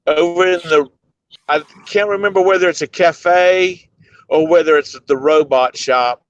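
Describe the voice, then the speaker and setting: A man's voice: fairly high pitch, no echo. Easygoing man on a dull video call. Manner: easygoing storyteller, rambles with "uh" pauses. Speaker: co-host of a daily live show. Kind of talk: casual chat.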